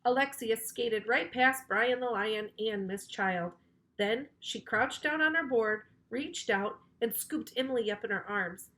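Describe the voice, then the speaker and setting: A woman librarian reading a children's chapter book aloud in an animated, playful, teasing way. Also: on the high side, unhurried. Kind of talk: children's storybook read-aloud.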